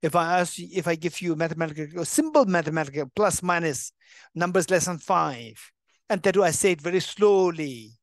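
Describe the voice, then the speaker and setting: A man's voice: on the high side, moderate pace, dry recording. Man, Buddhist teacher, emphatic, restarts words, English, dry close sound. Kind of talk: dharma teaching. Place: teaching center room.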